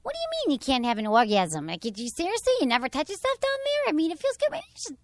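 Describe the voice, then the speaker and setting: A woman's voice: very high-pitched, wildly swooping pitch, racing, fairly bright tone, voice pushed up, full character voice. A woman imitating a blunt, pushy middle-aged mother from New York. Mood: nagging.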